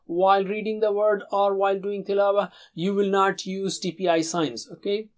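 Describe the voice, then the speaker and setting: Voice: medium pitch, little pitch movement. A Quran recitation teacher leading a pronunciation drill, modelling syllables and words for students to repeat and correcting common mistakes patiently. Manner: models syllables slowly for repetition.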